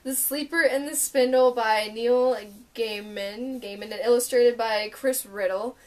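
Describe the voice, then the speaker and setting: Young woman, excitable, gushing book vlogger, slightly high voice, casual unboxing chat. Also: measured pace. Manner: gushing, excitable, lots of "oh my gosh".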